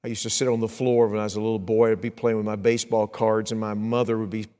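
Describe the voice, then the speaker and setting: A middle-aged man preaching an evening sermon as a visiting evangelist, acting out anxious prayers in a rising pleading voice and dropping to a quiet hush for personal stories. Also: on the low side, flat delivery, quick pace. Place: church sanctuary. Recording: long hall reverb in a church.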